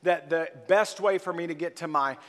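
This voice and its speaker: A man's voice: fairly high pitch, moderate pace, fairly bright tone, in a large hall. A man preaching a sermon as pastor, leaning hard on key words and calling out for the congregation to answer him. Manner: emphatic, rises and presses on key words, call-and-response with the congregation.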